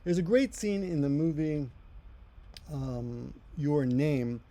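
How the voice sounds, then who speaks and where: Gravelly, mellow-voiced man teaching casually. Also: a little high, lively intonation, slow. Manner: rambling, self-correcting, chatty asides. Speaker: Japanese language teacher. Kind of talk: casual explanatory lesson.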